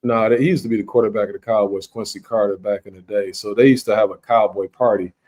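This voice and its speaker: A man's voice: lowish voice, steady tone, fast, a little mellow. A man hosting a podcast, telling rambling, laid-back stories in casual chat. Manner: rambling, laid-back storytelling with frequent "you understand". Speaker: podcast host.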